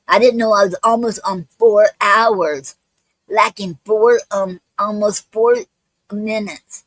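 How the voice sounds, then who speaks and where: A woman poet hosting a live stream, out of breath, talking in a halting way with many fillers and restarts. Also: mid-range voice, a bit bright, dry recording, rough recording. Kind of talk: casual live-stream chat and poetry reading.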